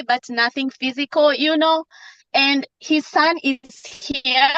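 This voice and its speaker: High, pleading woman on a phone call. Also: bright, forceful tone, no room sound. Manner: pleading, halting with repeated words. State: emotional. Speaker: mother testifying in court. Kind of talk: court testimony. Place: parked car. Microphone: phone on a video call.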